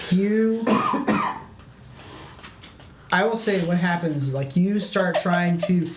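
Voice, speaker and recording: Speaking very slowly and pausing often, a game master in a mid-range voice narrates a tabletop session in a loose, rambling way full of restarts and "like." Faint background noise and room echo are audible.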